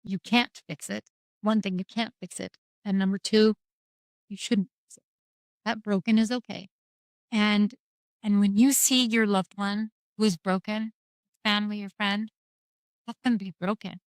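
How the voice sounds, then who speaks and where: A woman's voice: mid-range voice, no echo, poor audio. Earnest woman speaking candidly. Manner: earnest, reflective, with frequent restarts. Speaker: podcast guest. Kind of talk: candid conversation about grief.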